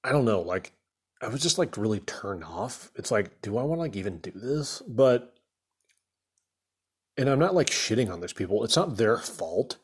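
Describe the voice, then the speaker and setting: Husky, exasperated contractor man. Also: fairly low pitch, big pitch swings, moderate pace. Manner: exasperated, rambling, many fillers. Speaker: remodeling contractor. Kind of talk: casual storytelling rant.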